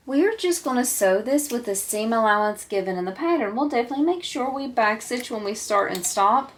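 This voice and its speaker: A woman teaching a step-by-step sewing tutorial, explaining each step calmly and patiently as she works. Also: fairly high pitch, a little fast, slight background noise. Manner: calm, patient, walks through each step. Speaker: sewing instructor.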